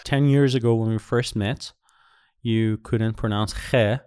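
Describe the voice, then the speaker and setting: Guy from iran on a podcast, halting chat, no rolled r, dry sound. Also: on the low side, fairly even intonation, a little mellow, clear, resonant tone, no room sound. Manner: halting, restarts often, cannot roll R. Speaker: podcast co-host. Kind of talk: casual chat.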